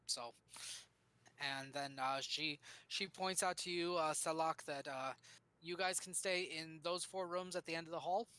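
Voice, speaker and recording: Game master, male, bright tone, hesitant filler-heavy narration. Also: a little high, measured pace, smooth, no echo. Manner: hesitant, many ums and uhs.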